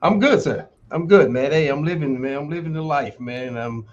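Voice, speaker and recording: A man's voice: medium pitch, normal speed, a little mellow, muffled recording, a little hiss or hum. A man in his sixties from North Carolina with a Southern accent, chatting easygoingly as an interview guest. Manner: easygoing, says "man" often. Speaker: guest, former football player. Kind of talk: casual interview chat.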